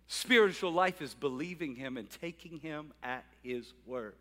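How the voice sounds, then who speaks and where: Male pastor, high and bright voice, energetic call-and-response sermon, reverberant church with soft music underneath. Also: measured pace. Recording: reverberant hall with faint music.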